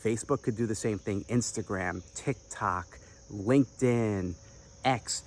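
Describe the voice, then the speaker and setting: A man giving direct-to-camera business advice as an online coach, energetic and chatty with playful asides. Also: lowish voice, measured pace, slight background noise.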